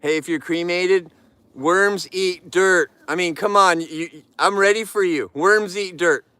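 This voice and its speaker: A man's voice: sits high, measured pace, pushed and bright, clean tone, no room sound. A man hosting a livestream from his yard, joking and chatting playfully with viewers. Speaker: livestream host. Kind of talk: casual live chat to viewers.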